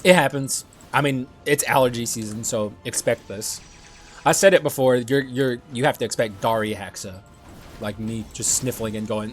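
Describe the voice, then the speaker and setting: A young man giving casual gameplay commentary, excitable and swearing often, clearing his dry throat now and then. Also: medium pitch, moderate pace, faint music behind. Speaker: gaming YouTuber.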